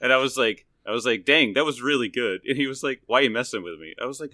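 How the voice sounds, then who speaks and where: A man's voice: medium pitch, lively intonation, quick pace, sharp tone, dry recording, studio quality. A man chatting on a podcast, telling a phone-call anecdote with many restarts and acting out both sides. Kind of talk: casual chat.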